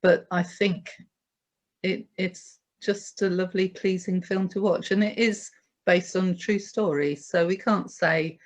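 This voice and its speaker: A woman's voice: on the low side, steady tone, unhurried. A woman vicar recommending a film in a reflective, hesitant way, full of ums and restarts, and reading scripture aloud.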